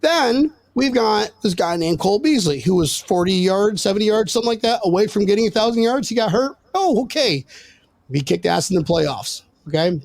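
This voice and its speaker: A man with a high, very animated voice and a gravelly edge hosts a sports podcast. He jokes and teases in excitable, casual banter, swinging his pitch up and down as he argues. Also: a little fast. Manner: joking, excitable, teasing. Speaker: podcast host.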